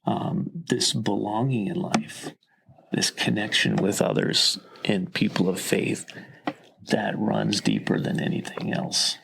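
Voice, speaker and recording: Slow gravelly-voiced man, a chaplain. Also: lowish voice, fairly even intonation, a bit bright, a little hiss or hum. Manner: slow, measured, reflective. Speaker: army chaplain, podcast guest. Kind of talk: interview answers.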